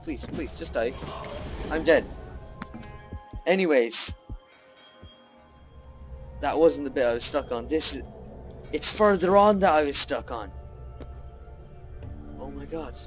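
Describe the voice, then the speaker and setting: A young man commentating his gameplay live, frustrated and swearing often. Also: fairly high pitch. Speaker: let's play gamer.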